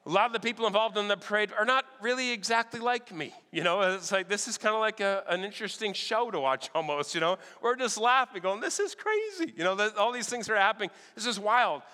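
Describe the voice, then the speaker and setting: A man preaching a sermon, telling lively stories in an animated way and checking in with his listeners again and again. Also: sits high. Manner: animated, checks in with "all right?" often. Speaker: pastor. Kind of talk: storytelling sermon. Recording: long hall reverb.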